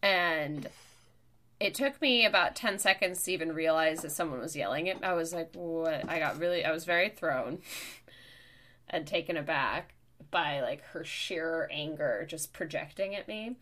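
A woman podcast host telling a story in casual chat, getting louder and more worked up as she goes. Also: moderate pace. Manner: animated, gets louder and higher as the story heats up. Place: New York.

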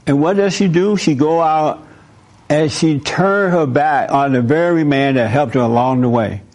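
Higher-voiced man preaching to a crowd. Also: normal speed. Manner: animated, asks the audience questions. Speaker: host speaking to a live audience. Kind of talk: preachy monologue to a room.

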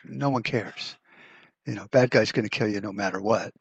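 Casting: low, husky man, profane rambling podcast host, dry close mic. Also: moderate pace, dry recording, lo-fi sound. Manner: blunt, profane, rambling with restarts. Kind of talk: casual rant podcast.

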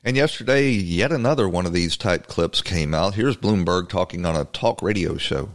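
A man's voice: deep voice, expressive, moderate pace. A man hosting a podcast, giving a conversational political commentary monologue, emphatic and full of restarts. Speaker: podcast host.

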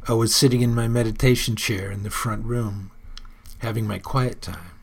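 A man's voice: fairly low pitch, fairly even intonation, moderate pace, breathy edge. A man hosting his own personal report, musing aloud in an earnest, casual monologue.

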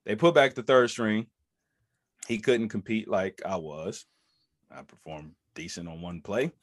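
A man's voice: lowish voice, unhurried, no room sound, studio quality. A man in his thirties, a former football player, telling a story as a podcast guest, acting out other people's lines in raised voices. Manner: lively storyteller who acts out quotes in raised voices. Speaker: former NFL running back, podcast guest. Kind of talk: animated storytelling in an interview.

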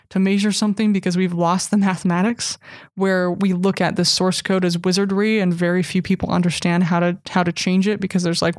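A woman speaking as an interview guest, an animated storyteller with wry asides, talking casually about technology. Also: on the low side, no room sound, clean studio sound. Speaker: guest, cyborg anthropologist.

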